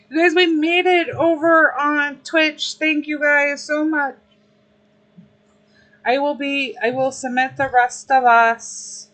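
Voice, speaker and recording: A woman's voice: sits high, a bit bright, rough recording. A young adult woman livestreaming, chatting casually with her viewers, emotional and grateful. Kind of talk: casual live-stream chat.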